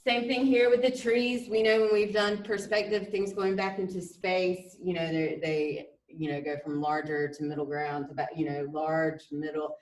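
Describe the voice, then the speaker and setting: A woman art teacher lecturing over slides in a chatty way, full of fillers and restarts, raising her pitch to stress key words. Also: little pitch movement, normal speed, hardly any pauses, recorded from a distance. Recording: echoey room, voice off-mic.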